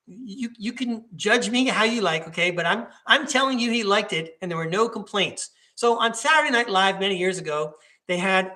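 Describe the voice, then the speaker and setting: A man's voice: sits high, bright, forceful tone. A man hosting his own podcast, telling stories in a rambling, casual monologue full of fillers and restarts. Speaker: podcast host, former teacher.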